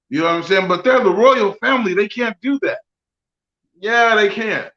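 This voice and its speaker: A man's voice: high voice, moderate pace, sharp tone, muffled recording. A man co-hosting a podcast in casual, profane chat, often asking "you know what I'm saying.". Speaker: podcast co-host.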